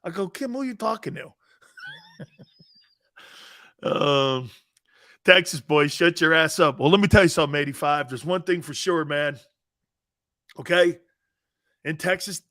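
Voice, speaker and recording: Bantering with his crew, a middle-aged sports talk show host keeps things loose and jokey, laughing a lot and trailing off before restarting sentences. His voice sits slightly above the typical male range and sounds expressive, pushed and bright, and he's unhurried with long pauses.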